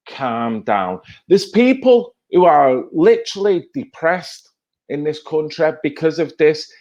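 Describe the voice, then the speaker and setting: This man's voice sits on the high side with a darkish tone, and the audio sounds dull. He reacts to TV clips in a heated, emphatic rant, frequently tacking "right?" onto his points.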